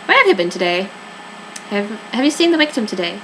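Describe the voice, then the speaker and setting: A woman's voice: mid-range voice, very animated, fairly quick, fairly bright tone, a little hiss or hum, rough recording. A woman voicing a blunt detective in a mystery game, asking pointed questions and narrating the case in a matter-of-fact way. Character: hard-nosed detective questioning murder suspects.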